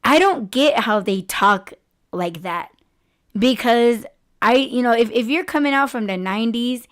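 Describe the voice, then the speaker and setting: Here a podcast host in her forties talks in an unhurried, animated way with a fairly high voice. The conversation is casual and candid, full of laughter and free swearing.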